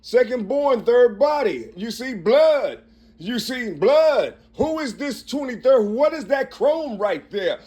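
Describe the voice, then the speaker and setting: A man with a notably high voice talks in a rambling monologue he records himself. He works through numbers and letters aloud, repeating himself and asking "you see?" over and over. His delivery is halting and full of restarts. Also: very animated, darkish tone. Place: Cincinnati, Ohio.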